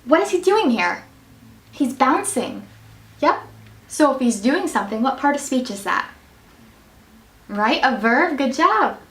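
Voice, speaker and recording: A woman's voice: sits high, big pitch swings, measured pace, pauses often, fairly bright tone. A woman reads a picture book aloud and stops to quiz children on nouns, verbs and adjectives, praising their answers in an encouraging singsong teacher voice. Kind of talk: reading aloud and quizzing children on grammar. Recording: echoey room from a distance.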